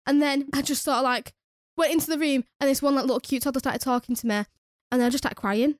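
High, fast, sweary woman. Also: steady tone, no echo, studio quality. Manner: sweary, exasperated ranting. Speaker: nursery worker. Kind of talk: casual storytelling chat.

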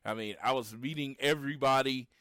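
A man in his late thirties from Oklahoma, talking casually as a podcast co-host. He retells his encounters with lively storytelling, his voice mid-pitched and dry, close to the mic with no room sound. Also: a little fast, no room sound. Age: 30s. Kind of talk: casual chat.

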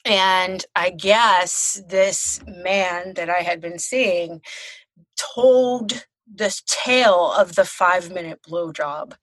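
A woman's voice: lowish voice, slow pace, a bit bright, no room sound, poor audio. A woman hosting a podcast, telling stories in a frank, bawdy, casual way. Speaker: podcast host. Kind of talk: casual chat.

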